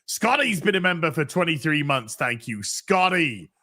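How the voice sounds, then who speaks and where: A man hosts a casual chat, reading viewer messages aloud. His voice is bright and a bit raised in pitch, and his delivery stays dry and offhand. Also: very animated, normal speed. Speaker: podcast host reading donations.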